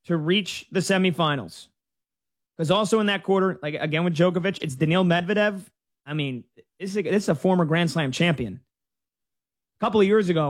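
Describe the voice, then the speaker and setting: A man giving casual sports betting analysis in a conversational, filler-heavy way. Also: fairly high pitch.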